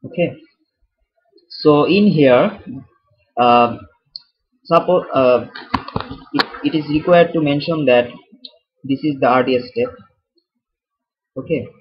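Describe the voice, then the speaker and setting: A man walks viewers through a chemistry problem in casual, halting speech, restarting words and poking fun at himself. His voice is breathy and a little high. The recording is muffled and lo-fi. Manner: self-deprecating, restarts words, addresses viewers as fellas. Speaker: chemistry tutor. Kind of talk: casual whiteboard tutorial. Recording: dull lo-fi sound.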